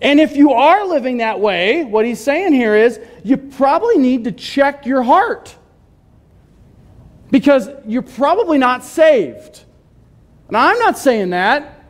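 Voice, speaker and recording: A man with a high-pitched voice preaches to his congregation. He talks in a casual, conversational way and often asks the listeners questions. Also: very animated, slow pace. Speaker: pastor. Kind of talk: sermon. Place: church sanctuary.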